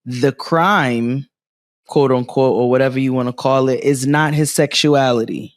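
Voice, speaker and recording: A man co-hosting a comedy podcast from a living room, telling stories in animated, quick bursts with frequent laughs. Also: medium pitch, dry recording, clean studio sound. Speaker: podcast co-host. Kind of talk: casual comedic chat.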